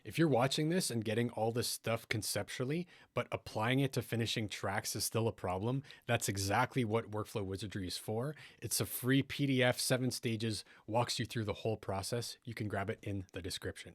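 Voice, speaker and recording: A man's voice: fairly low pitch, normal speed, few pauses, dry recording, studio quality. A man teaching music production in a tutorial, explaining step by step and often checking in with the listener. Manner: patient, explains step by step and keeps checking in with "right?".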